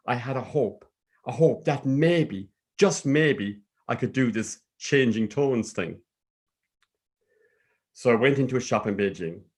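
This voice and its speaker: A man's voice: lowish voice, slightly rough. Lilting Cork Irish man telling a story. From Ireland. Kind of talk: told personal story.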